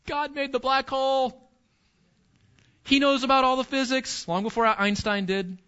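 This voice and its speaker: A middle-aged male pastor preaching a sermon, talking with the congregation in a conversational way, asking them questions and slowing down to read scripture. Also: very high-pitched, bright, forceful tone, dull audio.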